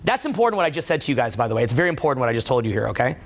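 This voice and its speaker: A man's voice: mid-range voice, very animated, rapid-fire. A man giving a casual talk to a live audience, rambling and peppering his speech with "like" and "right?". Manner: rambling, heavy use of "like" and "right?". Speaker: seminar speaker.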